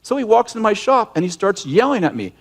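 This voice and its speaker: Animated man giving a conversational sermon. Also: high-pitched, quick pace. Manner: animated storyteller who acts out yelling scenes; direct and emphatic, with frequent restarts. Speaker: ministry leader and teacher.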